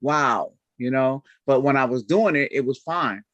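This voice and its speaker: A man's voice: medium pitch, normal speed, no room sound, lo-fi sound. A man, a church elder, candidly sharing personal testimony in a video-call discussion, acting out his own reactions. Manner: candid, animated, acts out quoted reactions.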